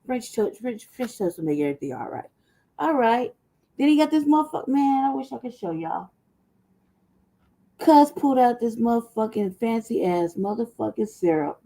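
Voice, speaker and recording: A woman's voice: fairly high pitch, animated, moderate pace, vocal fry, mellow. A woman from the American South co-hosting a podcast, telling stories in casual, profane chat and laughing often. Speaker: podcast co-host.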